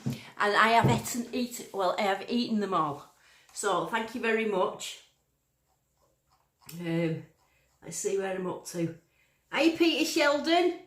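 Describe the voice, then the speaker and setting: A woman's voice: mid-range voice, animated, slow, long pauses. A woman hosting a casual livestream, chatting in a bubbly way and greeting her viewers one by one. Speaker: livestream host. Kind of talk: casual live chat reading out viewer names. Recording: echoey room.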